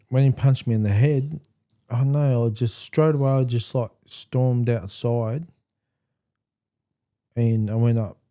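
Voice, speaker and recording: A man hosting a podcast, telling a personal story candidly in a halting way with frequent restarts. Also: medium pitch, mellow. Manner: candid and plainspoken. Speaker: podcast host.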